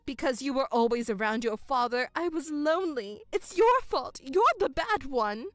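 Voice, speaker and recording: A woman's voice: on the high side, brisk, dry recording, close to an everyday voice. A woman voicing a self-pitying, controlling middle-aged mother who whines and stammers in outbursts, in a dramatized story. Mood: angry.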